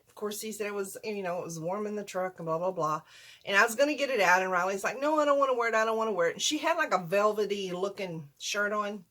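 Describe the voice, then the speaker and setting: A woman's voice: mid-range voice, bright, forceful tone. Chatty grandmother with a drawl. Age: older. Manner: rambling, folksy, self-deprecating. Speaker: vlogger. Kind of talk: casual storytime.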